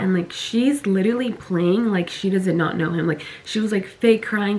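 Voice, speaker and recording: A young woman telling her story in a casual vlog, talking fast, swearing and filling with "like" all the way through. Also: medium pitch, slight background noise. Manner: fast, heavy on "like", swears, animated retelling. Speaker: vlogger.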